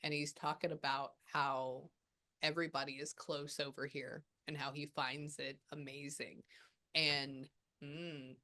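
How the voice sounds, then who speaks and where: A woman working as a medium, passing on a spirit's messages in a casual, chatty way with many pauses. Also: deep voice, flat delivery, sharp tone. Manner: relays a spirit's words with quick asides and pauses. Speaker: psychic medium. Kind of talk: spirit reading session.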